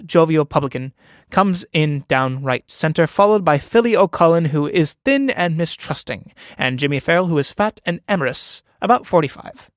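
Male play reader for stage directions; plain, brisk, fairly high voice. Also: no room sound, studio quality. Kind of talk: reading stage directions aloud.

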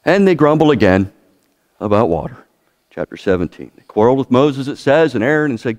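A man's voice: mid-range voice, big pitch swings, moderate pace, a little mellow, big-room sound. A man preaching a sermon as pastor, questioning his congregation often. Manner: asks the congregation many questions.

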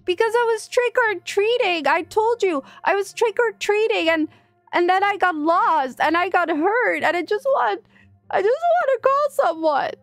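Here is a stammering lost girl, hurt and desperate, pleading in a high small voice, as a woman puts her on in a video game. Faint music plays under her. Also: animated, normal speed, no room sound. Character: lost scared young girl trick-or-treater. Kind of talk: playing a character in a video game.

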